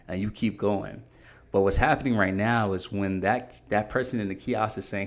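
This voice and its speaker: Low-voiced man coaching listeners. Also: normal speed. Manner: earnest, coaching, addresses listeners directly. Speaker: podcast host and coach. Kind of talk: motivational podcast talk.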